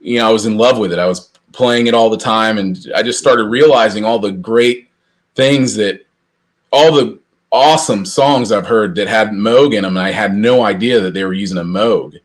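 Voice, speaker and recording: A man's voice: fairly low pitch, normal speed. Rambling middle-aged man telling anecdotes. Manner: rambling, animated anecdotes with restarts. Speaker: podcast co-host. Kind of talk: casual storytelling chat.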